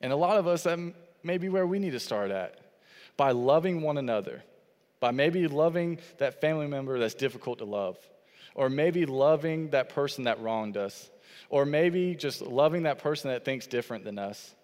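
A man's voice: medium pitch, expressive, moderate pace, darkish tone. Earnest preaching man in a reverberant hall. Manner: earnest, repetitive preaching with quoted scripture. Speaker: pastor. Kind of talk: sermon.

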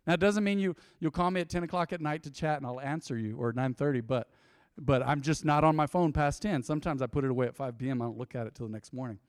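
Male pastor, fairly high voice, dry close sound, lively preaching that swells and hushes. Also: fast, clear, resonant tone, no echo. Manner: animated, preaching with sudden loud swells and quiet drops. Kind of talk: sermon. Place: church.

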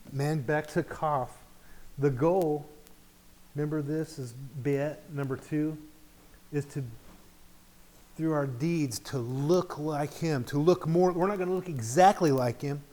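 Middle-aged male Bible study teacher, fairly high voice, chatty and informal, checks in with the group. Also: darkish tone. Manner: conversational, asks the group questions often.

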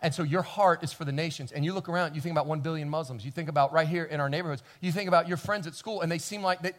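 A high-pitched man delivering a lively church sermon. He restarts and repeats words as he builds, dropping to a hush and then rising to a loud preach. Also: racing. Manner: animated, stammering restarts, swinging from quiet to loud. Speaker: pastor.

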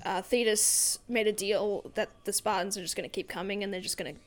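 A woman's voice: medium pitch, steady tone, fairly quick. A woman in a casual book discussion, rambling through a plot retelling with lots of "like".

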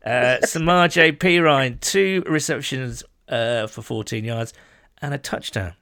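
A man's voice: medium pitch, fairly even intonation, takes it slowly, pushed and bright, smooth, dry recording. A man co-hosting a sports podcast, talking through the game with a chatty enthusiasm and the odd self-deprecating aside. His mid-range voice sits close and dry, with no room sound around it. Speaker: podcast co-host. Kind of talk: casual sports chat.

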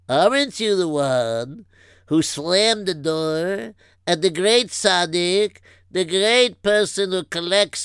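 A man's voice: sits high, fairly bright tone, clean tone, dry recording, full character voice. A man playing a reproachful, moralizing man in a storytelling drama, lecturing and insisting.

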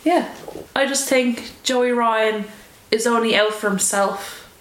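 A woman co-hosting a casual wrestling podcast, animated and playful, often laughing. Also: on the high side, takes it slowly. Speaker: podcast co-host. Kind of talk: casual chat. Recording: echoey room, faint noise.

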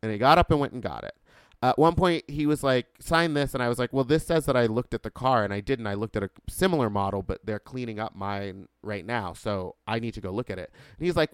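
Animated man ranting on a podcast. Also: mid-range voice, brisk, clean tone, no echo. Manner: animated, swings from loud outbursts to quiet. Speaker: podcast guest host; drag queen. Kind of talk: casual storytelling rant.

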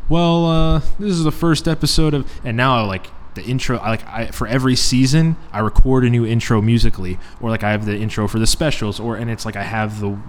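A man's voice: on the low side, little pitch movement, fast, few pauses. A man hosting a casual podcast, rambling earnestly with lots of fillers, thanking listeners. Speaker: podcast host. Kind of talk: casual podcast chat and sign-off. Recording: faint background noise.

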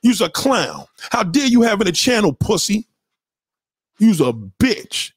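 High-pitched New man ranting hard. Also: sing-song, a little slow, slightly rough, no echo. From New York City. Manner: profane, loud, lecturing, rhetorical questions; swings pitch widely for emphasis. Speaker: commentator. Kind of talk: heated ranting commentary.

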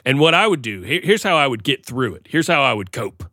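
A man's voice: mid-range voice, very animated, brisk, pushed and bright, dry recording, clean studio sound. A man co-hosting a comedy podcast, talking in a rambling, playful, self-deprecating way. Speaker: podcast co-host. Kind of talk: casual comedic chat.

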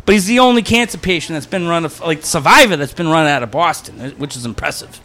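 A man's voice: on the high side, animated, quick pace, bright, forceful tone. A man hosting a podcast in casual chat, crude and joking, swearing a lot. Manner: crude, joking, heavy swearing, frequent laughs. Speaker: podcast host.

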